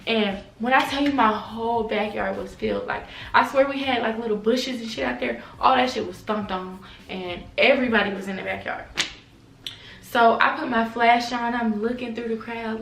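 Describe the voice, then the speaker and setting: A woman casually telling a party story to camera, animated, slangy and profane, acting out the quotes. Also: fairly high pitch, normal speed, vocal fry, slight background noise. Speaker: storytime vlogger. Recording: echoey room, mic at a distance.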